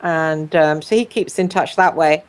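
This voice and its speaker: Female therapist-host, lower register, relaxed storytelling with frequent fillers. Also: measured pace, smooth. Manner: storytelling, many ums and restarts. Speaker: psychotherapist and show host. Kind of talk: casual group chat.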